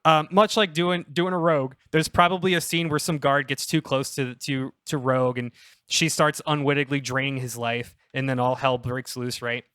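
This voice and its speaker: A young man on a casual comedy podcast, pitching a story in a rambling, self-interrupting way and laughing at his own jokes. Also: little pitch movement, normal speed, pushed and bright, clean tone, no echo, clean studio sound.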